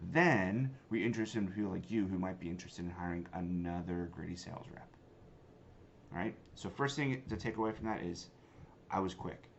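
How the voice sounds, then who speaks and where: A man's voice: low voice, fairly quick. A man teaching cold calling in a casual, emphatic, conversational way. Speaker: sales trainer and company founder. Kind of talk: instructional talk with demo lines. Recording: slightly dull lo-fi sound, faint noise.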